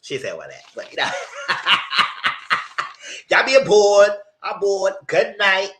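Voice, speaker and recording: A man giving a casual live recap of a reality dating show, animated and slangy, with mocking asides to the contestants. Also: high-pitched, moderate pace, very noisy. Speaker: reality TV reviewer.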